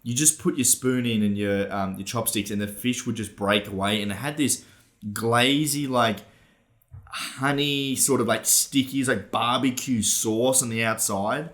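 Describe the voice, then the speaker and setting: A man's voice: mid-range voice, fairly even intonation, a little slow, fairly bright tone. A young man co-hosting a casual podcast, talking with enthusiasm. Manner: enthusiastic, repeats "unbelievable". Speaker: podcast co-host. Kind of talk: casual chat.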